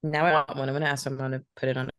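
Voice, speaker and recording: A young woman co-hosting a podcast, chatting in an animated way and laughing often. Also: rumbling low, very fast, no echo, studio quality. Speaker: podcast co-host. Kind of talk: casual chat.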